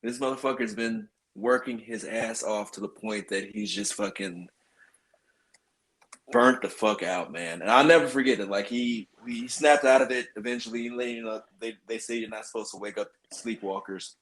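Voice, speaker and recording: A man with a fairly low voice tells an old army story, swearing heavily and throwing himself into it. It is loose, casual podcast talk between old friends. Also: moderate pace. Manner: profane, animated storytelling. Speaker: podcast host.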